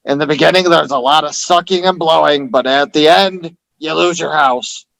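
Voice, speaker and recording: A man's voice: a little high, moderate pace, creaky, a bit bright, low-quality recording. A man co-hosting a comedy podcast, reading joke tweets and telling crude jokes with plenty of swearing. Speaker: podcast co-host.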